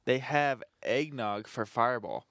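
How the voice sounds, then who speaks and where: A man's voice: medium pitch, measured pace, fairly bright tone, dry recording, clean studio sound. A young man co-hosting a podcast in easygoing casual chat, laughing along with the others. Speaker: podcast co-host.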